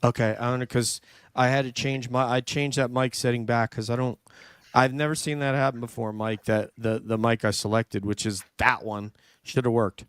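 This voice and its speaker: A man's voice: medium pitch, little pitch movement, normal speed, clear, resonant tone, no echo, studio quality. A man from New York hosting a casual livestream chat, thanking viewers and reading the live chat aloud. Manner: chatty, reads out live chat. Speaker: livestream host.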